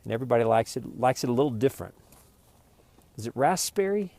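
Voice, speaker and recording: A man's voice: mid-range voice, lively intonation, quick pace, dark tone, dry recording. A man hosting his own vlog, talking in a rambling, jokey, meandering way. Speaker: vlogger.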